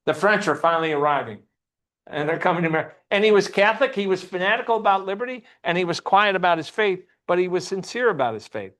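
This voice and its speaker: A man's voice: high-pitched, lively intonation, fast, a bit bright. A man teaching a church Sunday class, often asking the class questions and repeating himself.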